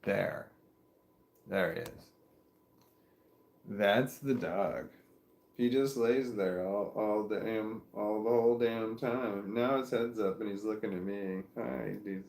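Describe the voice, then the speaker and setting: A man's voice: lowish voice, fairly even intonation, takes it slowly, darkish tone, reverberant. A man on a home livestream talking casually and meandering to viewers, often stopping mid-sentence to restart. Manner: meandering, self-interrupting, talking to viewers about his dog. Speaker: vlogger. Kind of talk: rambling casual livestream chat. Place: at home, seated with dog on his legs. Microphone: phone or camera on a stand.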